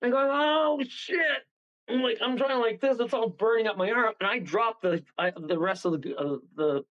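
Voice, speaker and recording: Animated man telling a ghost story. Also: sits high, brisk, dull audio. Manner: animated, rambling, acts out voices, chuckles often. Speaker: guest medium. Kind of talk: casual storytelling on a talk radio show.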